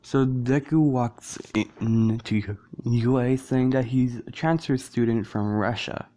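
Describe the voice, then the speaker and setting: Guy rambling through a fan story really slowly, keeps fixing what he just said. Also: mid-range voice, mellow. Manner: rambling, corrects himself mid-story. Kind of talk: casual fan-story narration.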